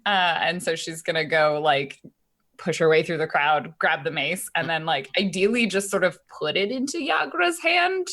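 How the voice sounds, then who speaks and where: A woman's voice: on the low side, normal speed, fairly bright tone. Tentative woman at a tabletop game. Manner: tentative, with many fillers. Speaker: player. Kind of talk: casual tabletop play.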